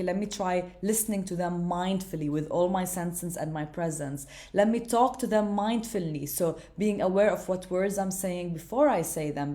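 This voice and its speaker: A woman teaching mindfulness in a casual monologue, gentle and chatty, often pausing on "okay" and "right". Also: lowish voice.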